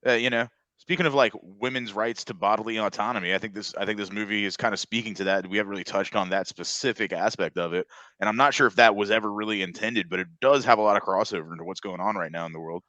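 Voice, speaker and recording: Man, podcast co-host, bright tone, rambling, stumbling restarts. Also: lowish voice, fast, dry recording, highs cut off. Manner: rambling, repeats words, laughs often. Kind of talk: casual chat.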